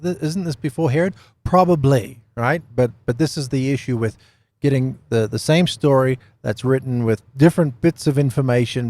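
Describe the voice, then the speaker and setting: A man's voice: mid-range voice, dark tone. A man teaching scripture in a casual, chatty way, often laughing and checking in with "right?". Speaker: Bible teacher.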